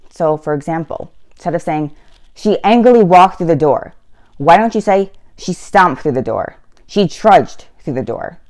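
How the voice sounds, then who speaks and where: A woman's voice: on the low side, a little mellow. A woman giving a casual lesson on writing, explaining with chatty asides and self-corrections. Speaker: writing tutor.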